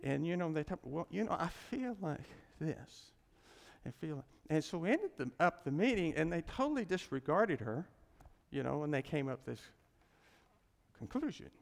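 A man's voice: a little high, sing-song, normal speed, creaky, big-room sound. A man teaching a class in an informal, rambling way, with chuckles and folksy asides, like a pastor.

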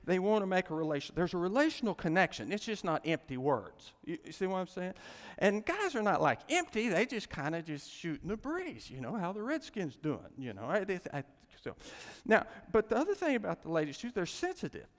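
A man teaching a class in a loose, rambling style, laughing at his own asides. His voice is gravelly and lively, rising and falling a lot. The sound carries a long hall reverb. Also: sits high, a little fast. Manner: rambling, chuckling, folksy asides.

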